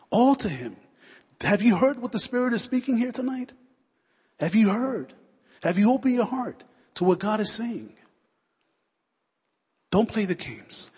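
A man in his forties preaches with rising fervor, circling back on phrases as he builds to prayer. His voice sits a touch high and has a husky edge. It rings out with a long reverb, as in a church hall. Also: very animated, moderate pace, long pauses, a little mellow. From United States. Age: 40s. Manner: fervent, repetitive, building to prayer. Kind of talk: sermon.

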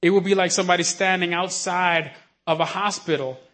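A man with a high voice preaches a sermon at a slightly fast clip, his tone steady. He talks conversationally, asking listeners "you know what I mean?", and shifts from quiet, earnest teaching to shouted hallelujahs.

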